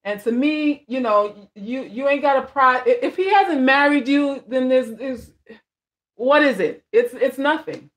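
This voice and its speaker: A vlogger and life coach chats casually on a livestream in a voice that sits high and moves a little slowly. She's blunt and emphatic, repeating phrases for emphasis, and reads viewer comments aloud before answering them.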